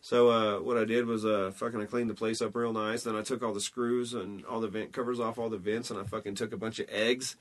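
A man's voice: lowish voice, flat delivery, brisk, hardly any pauses. A young man telling rambling, profane stories in casual chat with friends. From southern United States.

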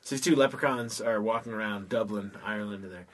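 A man casually trading jokes on a podcast, delivering punchlines quickly and laughing at his own jokes. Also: on the low side, a bit bright. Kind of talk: casual joke-telling chat.

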